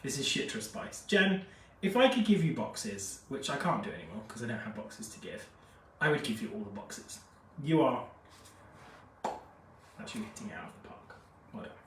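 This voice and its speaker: A man's voice: medium pitch, sing-song, normal speed, pauses often, a bit bright, slight background noise. A man hosting a live fragrance review, chatty and gushing, reading out viewer comments while feeling unwell. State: unwell after a jab, feverish. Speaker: fragrance expert host. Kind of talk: live-stream product review chat. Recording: echoey room, mic at a distance.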